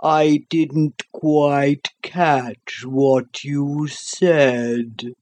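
A woman's voice: deep voice, steady tone, a little mellow, voice pushed down, heavily acted. A woman voicing a huge, lazy, sleepy male sloth creature in a storybook reading, drawling and slobbery. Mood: drowsy. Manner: very slow, drowsy, demanding.

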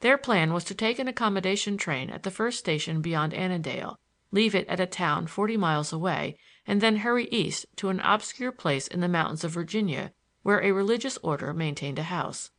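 A woman narrating a novel in a measured, expressive reading. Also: lowish voice. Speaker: audiobook narrator. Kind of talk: scripted narration.

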